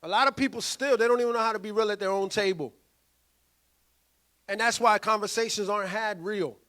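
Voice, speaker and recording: A male pastor, preaching a sermon in an animated way and acting out quoted voices. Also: sits high, fairly quick. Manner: animated, acts out quoted voices, loud bursts.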